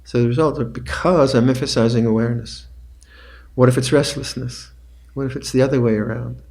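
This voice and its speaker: An older man gives a dharma talk at a meditation retreat. His voice sits at an ordinary mid pitch, calm and unhurried. He often repeats short phrases more quietly. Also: gravelly. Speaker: meditation teacher.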